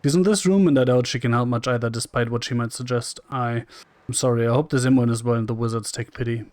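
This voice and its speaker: A man's voice: mid-range voice, quick pace, dry recording. Dry-voiced man streaming a game. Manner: wry and chatty, reads lines flatly and jokes. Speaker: streamer playing a role-playing game. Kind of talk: casual gameplay commentary, reading dialogue aloud.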